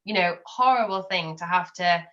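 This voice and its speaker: Woman in her 20s, casual chat on a podcast, open and talkative, crisp tense tone. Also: on the low side, moderate pace, a bit bright, lo-fi sound. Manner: open and chatty, telling personal stories. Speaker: podcast guest.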